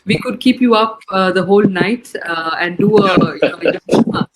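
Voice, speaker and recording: A woman moderating an online Q&A session, speaking politely and filling pauses with "uh". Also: mid-range voice. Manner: polite, courteous, fills pauses with "uh". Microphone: video call. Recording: loud background noise on a call.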